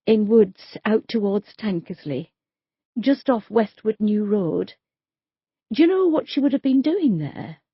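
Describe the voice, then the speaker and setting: A woman voicing a calm, careful female police detective who asks measured questions, in an audiobook. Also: mid-range voice, husky, no echo, highs cut off. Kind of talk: audiobook character voice.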